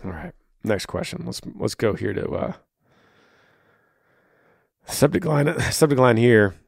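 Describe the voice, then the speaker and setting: A man with a tired voice talks as a podcast host, giving earnest, brotherly advice. His pitch sits in an ordinary middle range. The recording is dry and close, with no room sound. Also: expressive, measured pace, vocal fry, no echo. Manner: earnest, brotherly, pushing the listener. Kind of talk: casual advice chat.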